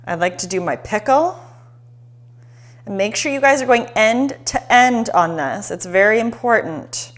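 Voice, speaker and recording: Excitable woman hosting a live cooking demo. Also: fairly high pitch, a little slow. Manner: chatty and excitable, talks straight to viewers. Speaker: cooking show host. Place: home kitchen.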